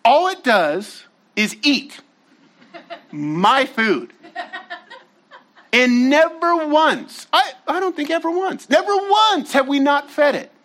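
High-voiced, animated male pastor. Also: slow, pauses often. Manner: animated, casual storytelling with slangy asides to the audience. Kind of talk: sermon.

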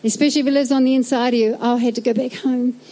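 A middle-aged woman with a New Zealand accent preaching a sermon in a lively, joking way, acting out little scenes. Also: sits high, rapid-fire, poor audio. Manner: animated, jokey, acts out little scenes.

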